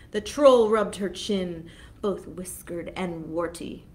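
A woman children's librarian reading a picture book aloud slowly and expressively, pausing to explain each foreign word. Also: lowish voice, darkish tone, a little hiss or hum.

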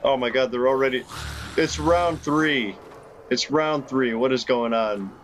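A young man giving casual gameplay commentary, reacting excitably with laughs and rambling remarks. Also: mid-range voice, moderate pace, a little hiss or hum. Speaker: gaming YouTuber. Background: game music.

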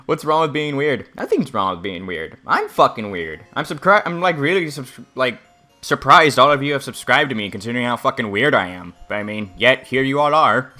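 A male game streamer rambling crudely to his viewers between jokes. His voice sits at a middling pitch and sounds bright and forceful. He talks loosely and swears freely. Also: sing-song, normal speed, faint music behind. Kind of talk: casual livestream gameplay commentary.

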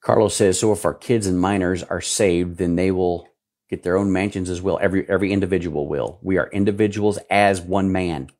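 A male pastor preaching fervently and answering viewer questions, swinging between low mutters and loud outbursts. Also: steady tone, brisk.

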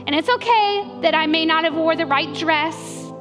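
A woman pastor preaching a sermon, telling stories in an animated way and acting out inner voices. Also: very high-pitched, moderate pace. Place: church sanctuary. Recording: church hall reverb with soft music.

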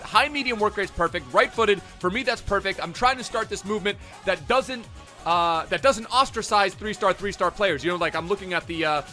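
A man hosting a video game player review, running through stats energetically with frequent fillers. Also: sits high. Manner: energetic, rapid stat rundown with fillers. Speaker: gaming YouTuber.

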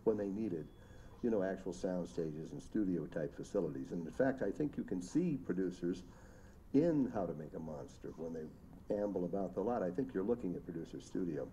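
A man's voice: sits low, lively intonation, normal speed, dark tone, slight background noise. A man, a makeup artist, telling rambling behind-the-scenes anecdotes about a film, with vivid impressions of others. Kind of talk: recorded commentary interview.

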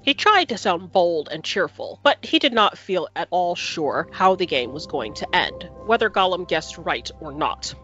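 Woman host, lower voice, lively storybook reading, slightly dull podcast sound with faint music behind. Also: moderate pace, few pauses. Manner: expressive, animated narration.

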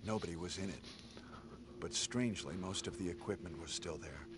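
A man narrating a survival-horror game's opening mission briefing in a flat, matter-of-fact way. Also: sits low, fairly quick, heavy background noise, close to an everyday voice. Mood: grave. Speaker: game cutscene narrator. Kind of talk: scripted game narration. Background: loud game soundtrack music.

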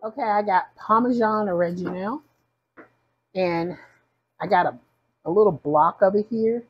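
Woman walking through a recipe at her stove, kinda husky breathy voice, chatty, faint music in the back. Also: medium pitch, unhurried, lo-fi sound. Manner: chatty, narrates each step, addresses viewers as guys. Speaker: home cook. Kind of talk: casual cooking demonstration. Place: home kitchen at the stove.

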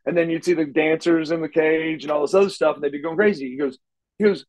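A middle-aged ex-wrestler being interviewed talks fast in a slightly high, darkish voice that keeps a steady tone. Casual and animated, he acts out the dialogue in his stories and frequently restarts. The recording is low quality.

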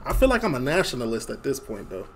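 A man's voice: medium pitch, sing-song, fast, slight background noise. A young man from Chicago hosting a casual reaction video, chatting, laughing often and reading memes aloud. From Chicago, USA.

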